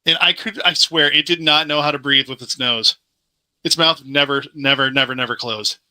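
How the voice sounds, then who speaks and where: A man on a podcast speaks with a very bright, sharp tone, chatting bluntly and easily slipping into swearing. He laughs easily and keeps a relaxed, offhand delivery. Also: on the high side, normal speed. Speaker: podcast co-host. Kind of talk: casual chat.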